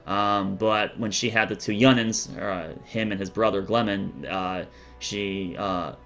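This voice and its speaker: A man's voice: fairly low pitch, fairly even intonation, measured pace, fairly bright tone, faint music behind. A man narrating a tabletop game as dungeon master, casual and rambling, with many fillers.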